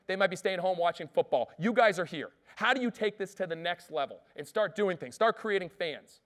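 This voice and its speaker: A man giving an energetic motivational keynote on stage, telling stories and checking in with the audience. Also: high-pitched, a little fast, few pauses. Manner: energetic storytelling, often asks "all right?". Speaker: keynote speaker. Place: conference stage before an audience.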